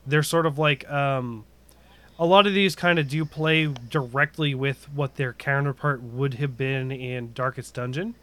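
A man's voice: mid-range voice, measured pace, bright, forceful tone. A man chatting casually about a video game, rambling with lots of fillers and restarts.

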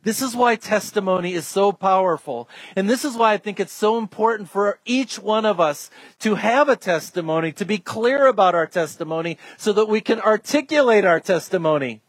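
A man's voice: high-pitched, lively intonation, moderate pace, few pauses, dry recording. A man preaching a sermon as a pastor, emphatic and repeating his key phrases.

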